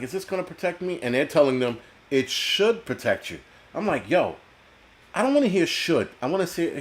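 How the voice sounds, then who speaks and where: A man hosting his own live stream, talking straight into a computer mic in a loose, profane rant. He is blunt and opinionated and keeps breaking off to answer the chat. His voice sits at an ordinary middle pitch for a man. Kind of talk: casual ranting live stream. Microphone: computer mic on a video call.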